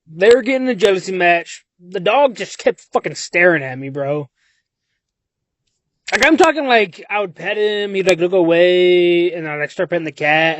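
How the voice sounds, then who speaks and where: A young man with a high voice leaves a long, rambling voice message full of profanity from his car on a country road at night. Dazed and worn out, he drifts from one thought to the next. It was recorded on a phone with slight background noise.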